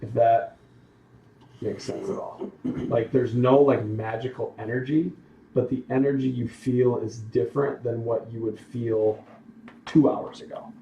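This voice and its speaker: A man's voice: medium pitch, fairly even intonation, unhurried, mellow, dull audio. A man running a tabletop game as dungeon master, describing scenes at an easy pace and calling for dice checks. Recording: roomy sound from a distant mic.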